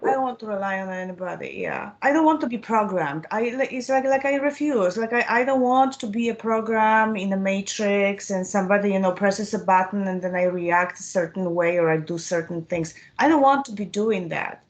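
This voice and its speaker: A woman's voice: medium pitch, fairly quick, hardly any pauses. A woman client in a casual consultation, talking in a hesitant, questioning way.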